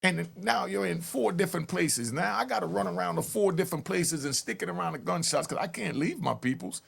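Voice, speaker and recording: A man giving a lively storytelling commentary, acting out calls and yells. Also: high voice, gravelly, husky. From New York. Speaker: commentary host. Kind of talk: animated street-talk commentary.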